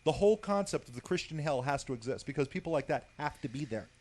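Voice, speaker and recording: A man's voice: on the high side, lively intonation, fast talker, a little mellow. A man hosting a casual talk show, talking in a heated, profane way and leaning on the word "basically.". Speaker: host.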